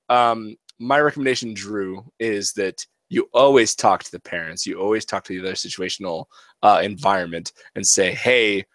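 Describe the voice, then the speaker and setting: A man in his thirties chats on a podcast about family life, jumping into quoted dialogue as he tells his stories. The recording is close and dry, with no room echo. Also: on the low side. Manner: animated storyteller who acts out family dialogue. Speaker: podcast co-host. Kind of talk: casual chat.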